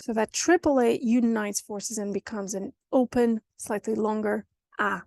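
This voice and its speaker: A woman's voice: on the high side, a little slow, creaky, darkish tone, no room sound. A woman from Portugal with a European Portuguese accent, explaining pronunciation directly to learners in a video language lesson. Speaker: language teacher.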